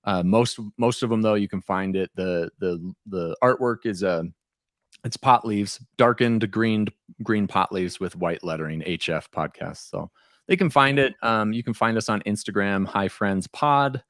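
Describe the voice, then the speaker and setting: A man's voice: lowish voice, a little slow, fairly bright tone, no room sound, clean studio sound. A man chatting casually on a podcast as a guest, talkative and rambling, restarting his sentences, a little stoned. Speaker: podcast guest and former co-host. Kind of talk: casual chat.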